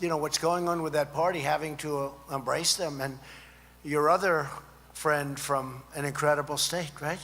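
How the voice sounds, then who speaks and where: In an echoey hall with a faint hum, a man speaks off the cuff at a student conference, wandering and repetitive, often turning to the crowd with asides. His voice is a little high, his tone steady, and his pace moderate.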